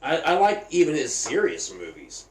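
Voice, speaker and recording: A man co-hosting a casual podcast chat, excitable and swearing constantly as he gushes about things he loves. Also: a little high, moderate pace. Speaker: podcast co-host. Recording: echoey room with faint ambience.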